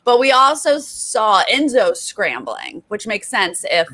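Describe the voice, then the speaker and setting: A woman's voice: on the high side, lively intonation, slow pace, pushed and bright. A woman co-hosting a casual chat show, recapping events and acting out quotes in put-on voices. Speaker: podcast co-host.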